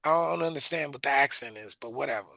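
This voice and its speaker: A middle-aged man with a Bronx New York accent, co-hosting a podcast and telling stories in a sarcastic, animated way. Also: medium pitch, fast, vocal fry, no room sound. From South Bronx, New York. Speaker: podcast co-host. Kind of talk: casual chat, storytelling.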